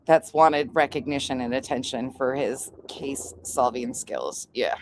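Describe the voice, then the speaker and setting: Low-voiced, profane woman host. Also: unhurried, a little mellow, slight background noise. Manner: swears freely, laughs often, chatty. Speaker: livestream host. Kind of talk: casual commentary.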